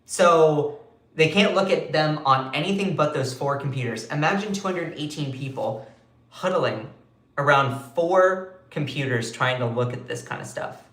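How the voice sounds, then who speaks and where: A man hosting a live stream, talking in an animated, sarcastic way and acting out the quotes he retells. His voice sits a little high for a man. The sound has the echo of a bare room. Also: a little slow. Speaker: political commentary host. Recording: echoey room.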